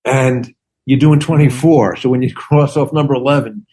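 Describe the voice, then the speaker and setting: Man, 60s, comedian guest, podcast storytelling, middle pitch, acts out quotes with big jumps. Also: steady tone, moderate pace, mellow.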